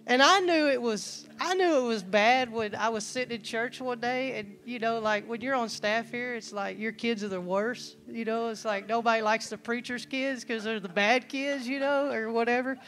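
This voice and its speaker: A man's voice: very high voice, normal speed, few pauses, fairly bright tone. A man preaching a conversational sermon, telling personal stories in a loose, folksy way and often restarting his sentences. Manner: folksy, storytelling, acts out quoted dialogue; casual, loose, frequent restarts and asides. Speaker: church staff preacher.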